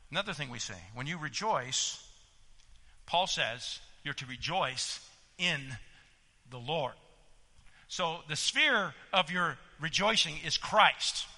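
Male pastor, high and very bright voice, exhorting sermon with hushed asides, church with long reverb. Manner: exhorting, swings between loud emphasis and hushed asides.

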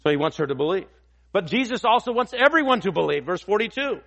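Man, pastor, high-pitched, expository sermon, emphatic, repeats phrases. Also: very animated, fast talker, gravelly, a bit bright, muffled recording.

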